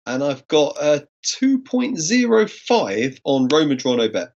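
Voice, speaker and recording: A man giving fluent, measured football betting analysis. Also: a little high, big pitch swings, darkish tone, slight background noise. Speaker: betting tipster. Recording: dull lo-fi sound.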